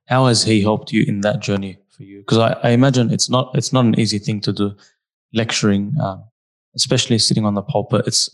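A man asking questions in a casual interview, often restarting his sentences. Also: lowish voice.

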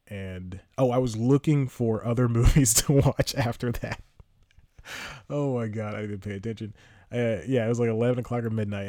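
A man hosting a podcast chats casually about a movie he watched, rambling, cutting himself off, and chuckling often. His voice is on the low side and warm, recorded with clean studio sound and no echo.

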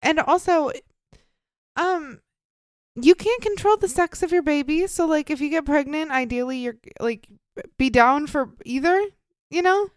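Woman, podcast co-host, fairly high voice, quick reactive banter. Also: no room sound, clean studio sound. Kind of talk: casual podcast chat.

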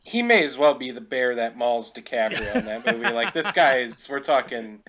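A man's voice: mid-range voice, very animated, normal speed, a bit bright. A man in casual movie chat who laughs often and restarts his sentences.

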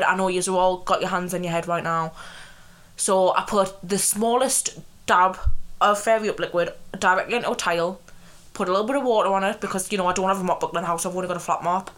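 A woman's voice: fairly low pitch, fairly even intonation, quick pace, a bit bright. A woman co-hosting a podcast, chatting casually, swearing and laughing as she tells stories. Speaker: podcast co-host. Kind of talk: casual chat.

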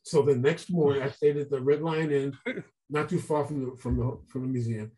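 A man telling a long story as an interview guest, animated and acting out the voices of people he quotes. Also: medium pitch, moderate pace, poor audio. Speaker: guest artist. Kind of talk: casual storytelling.

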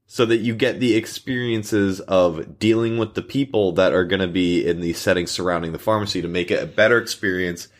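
Low-voiced young man telling rambling stories. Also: brisk, hardly any pauses. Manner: rambling anecdotes with acted quotes, frequent fillers. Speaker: podcast co-host. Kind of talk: casual storytelling chat.

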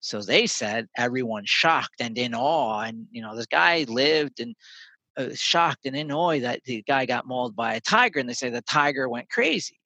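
A man chatting on a podcast, animated, telling stories that carry life advice. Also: mid-range voice, moderate pace, dry recording, poor audio. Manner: animated storyteller, swears casually. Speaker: podcast guest. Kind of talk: casual conversation.

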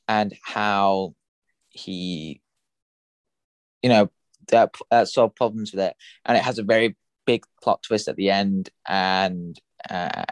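A man's voice: lowish voice, dry recording. A young man co-hosting a podcast, talking casually about comics with many fillers and restarts. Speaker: podcast co-host. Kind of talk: casual chat.

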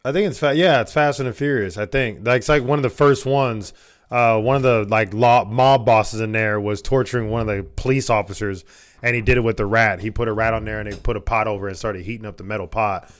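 A man's voice: fairly low pitch, steady tone, fast. A man co-hosting a casual podcast, reading a list aloud, stumbling over words and swearing. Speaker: podcast co-host.

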